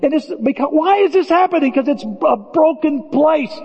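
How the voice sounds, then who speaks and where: A male pastor preaching a sermon in a lively, animated way, acting out quoted voices. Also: moderate pace, big-room sound, dull audio. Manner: animated, acts out quoted voices with big pitch jumps.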